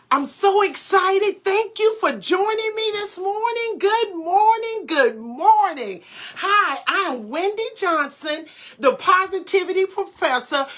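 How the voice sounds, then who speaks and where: A woman hosts a live motivational morning show, her voice pitched high and leaping all over the place. She greets viewers by name with energy and repeats key phrases for emphasis. She takes her time, letting each line land slowly. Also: a bit bright. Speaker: motivational speaker and show host.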